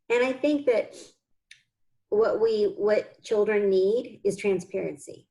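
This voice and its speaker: A woman's voice: mid-range voice, slow, dark tone, low-quality recording. A woman in an interview, an adoptive mother and foundation founder, telling her family's story in a heartfelt, earnest way that comes close to tears.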